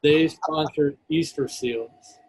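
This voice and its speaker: A man's voice: fairly high pitch, takes it slowly, husky, rough recording. A man appearing as a guest on a talk show, earnestly telling a personal story in vivid detail.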